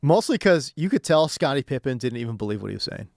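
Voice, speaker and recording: Animated slangy sports radio host man. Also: mid-range voice, quick pace, gravelly, dry recording, clean studio sound. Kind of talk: casual sports talk on stream.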